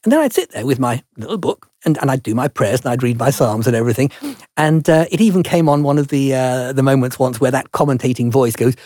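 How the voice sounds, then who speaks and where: An older man speaks with a husky voice that rises and falls in lively swings. He tells his stories as a guest in a chatty, self-deprecating way. The sound is dry and close. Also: mid-range voice, no room sound. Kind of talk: relaxed storytelling in an interview.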